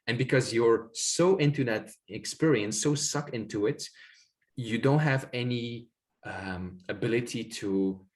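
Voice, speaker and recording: In an unhurried, mid-range voice, a man describes spiritual experiences as a guest in an informal conversation. He's reflective and wanders off track, with lots of fillers and repeated words.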